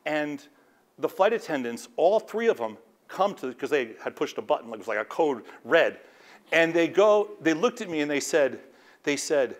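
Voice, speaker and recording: A man host telling a lively anecdote on stage, acting out the quoted lines of the people in it. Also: on the high side, normal speed. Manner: animated storyteller acting out quotes.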